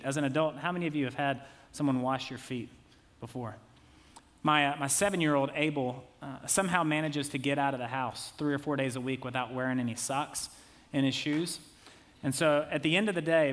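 Man, 30s, pastor; relaxed conversational sermon with humorous asides, a touch high in pitch. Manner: conversational, jokey asides, acts out quotes.

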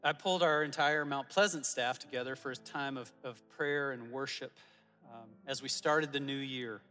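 A man preaching as a pastor, telling personal stories in an earnest way with soft asides. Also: medium pitch, moderate pace, long reverb tail, soft background music. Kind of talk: sermon. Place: church auditorium.

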